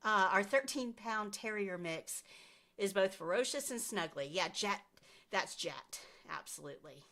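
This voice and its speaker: A woman's voice: mid-range voice, animated, unhurried, sharp tone. A woman who teaches nursing assistants, chatting upbeat with viewers on a live stream and answering their comments. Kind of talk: casual live stream chat.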